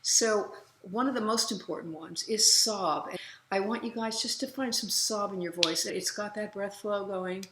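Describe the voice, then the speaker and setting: A middle-aged woman voice teacher giving a casual lesson, relaxed and chatty, breaking into loud vocal demonstration sounds. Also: medium pitch, a little slow, roomy sound, noisy background.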